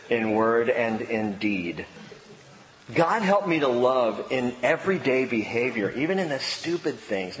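A man's voice: mid-range voice, a bit bright. A man preaching a sermon, telling a personal story with self-mocking humor. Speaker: pastor. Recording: long reverb of a church hall.

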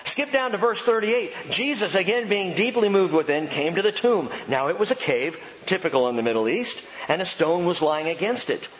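Brief: male pastor, fairly high voice, emphatic, jokey sermon in a big echoey hall, dull lo-fi sound. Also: moderate pace, few pauses. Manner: animated, emphatic, joking asides.

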